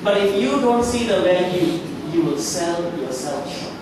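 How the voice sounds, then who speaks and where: A man's voice: high voice, lively intonation, moderate pace. A male guest pastor preaching a conversational sermon at a church camp, repeating points and asking the audience questions. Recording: echoey hall, distant mic, ambient noise.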